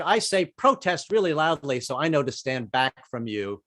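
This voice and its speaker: A man's voice: fairly high pitch, expressive, no echo, clean studio sound. A man doing a stand-up comedy set, stammering and repeating words before landing his jokes. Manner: halting, repeats words, drops into quick bits. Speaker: stand-up comic.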